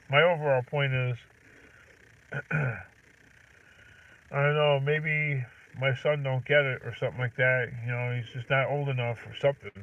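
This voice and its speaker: A middle-aged man chatting casually on a livestream, rambling, clearing his throat and chuckling as he talks from his truck. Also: medium pitch, recorded from a distance. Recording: tinny phone-like audio from off-mic.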